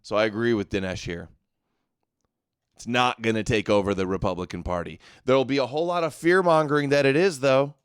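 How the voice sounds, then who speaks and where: A man's voice: medium pitch, brisk, clean tone, dry recording, clean studio sound. A man hosting a livestream with sarcastic, mocking commentary. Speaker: livestream host.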